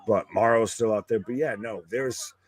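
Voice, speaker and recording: A man co-hosting a casual live wrestling commentary stream, excitable and swearing freely. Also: fairly low pitch, moderate pace, husky. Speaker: co-host.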